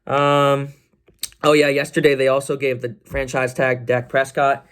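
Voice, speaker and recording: A young man talks through sports news on his own podcast at a mid-range pitch. He rambles loosely, restarts his sentences and fills pauses, then jumps up with excitement. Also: clear, resonant tone. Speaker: podcast host. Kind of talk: casual solo sports chat.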